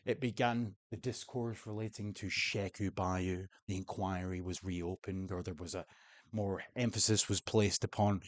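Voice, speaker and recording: A man's voice: low voice, fairly even intonation, moderate pace, dry recording. Blunt, sweary man. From Scotland. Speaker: political commentator. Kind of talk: opinionated commentary.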